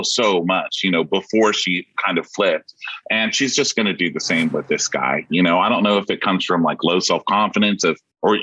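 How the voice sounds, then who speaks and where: A man's voice: deep voice, pushed and bright, husky, dry recording, dull audio. A man co-hosting, chatting animatedly and gossiping about a reality show. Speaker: podcast co-host. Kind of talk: casual chat.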